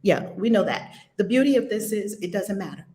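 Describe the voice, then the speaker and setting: A woman's voice: mid-range voice, lively intonation, a little fast, dark tone, echoey room. A woman leading a spiritual lesson at home, asking many rhetorical questions in an emphatic way. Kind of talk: spiritual teaching with questions to a student.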